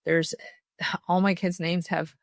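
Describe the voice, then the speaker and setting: A woman's voice: lowish voice, flat delivery, slow, vocal fry, no room sound, clean studio sound. A middle-aged woman hosting a faith podcast, talking earnestly and encouragingly with fillers and restarts. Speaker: podcast host.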